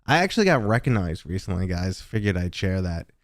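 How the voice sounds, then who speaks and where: A man with a New York accent, hosting a casual livestream and chatting with viewers in a talkative, relaxed way. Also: low voice, brisk, dry recording, clean studio sound. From New York City. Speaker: livestream host.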